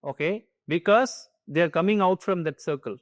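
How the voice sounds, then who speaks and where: A man's voice: sits high, normal speed, no echo. A middle-aged Indian man, a dance composer and guru, speaking earnestly in Indian English and telling his stories with frequent restarts. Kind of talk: conversational interview.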